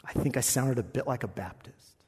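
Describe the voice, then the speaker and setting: Husky preaching man in a reverberant church. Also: medium pitch, a little fast. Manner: swings from quiet to shouted preaching. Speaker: pastor. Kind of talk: sermon. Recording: long reverb in a church hall.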